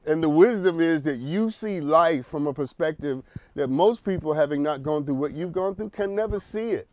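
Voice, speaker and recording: A man's voice: fairly high pitch, lively intonation, normal speed, darkish tone, muffled recording, a little hiss or hum. A man hosting a counseling talk show, speaking emphatically in a preacherly way and repeating words as he builds a point.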